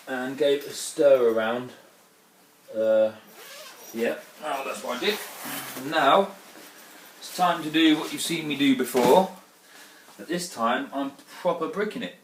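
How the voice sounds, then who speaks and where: Man, casual brew-vlog host, exclamatory and sweary; roomy room sound, faint background hiss. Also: mid-range voice. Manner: chatty, sweary, prone to exclamations. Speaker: home brewer. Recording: roomy, distant mic, faint background noise.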